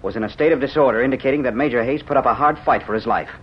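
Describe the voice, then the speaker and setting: A man playing a formal, brisk army captain delivering a report in a 1930s-style radio drama, on a muffled old recording. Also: medium pitch, slightly rough, lightly acted. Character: brisk male army captain and provost marshal.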